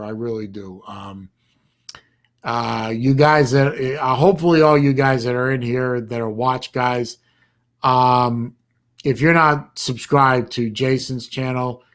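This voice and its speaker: A man hosting a casual livestream chat, talking in a rambling, halting way with bursts of dry sarcasm. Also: mid-range voice. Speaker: livestream host.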